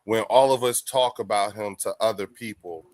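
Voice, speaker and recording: A man with a deep, rugged voice hosting a casual fan podcast, relaxed and talking in drawn-out sentences. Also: no echo. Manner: relaxed, drawn-out, says "you know what I'm saying" often. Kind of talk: casual chat.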